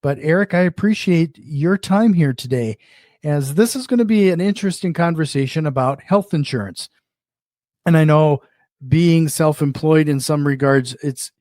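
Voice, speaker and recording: A man with a Minnesotan accent hosts a relaxed interview, his voice sitting a little high. He circles around his questions before landing them. The sound is dry and close, with no room in it. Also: no echo. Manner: rambling, restarts questions. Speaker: podcast host. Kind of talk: casual interview.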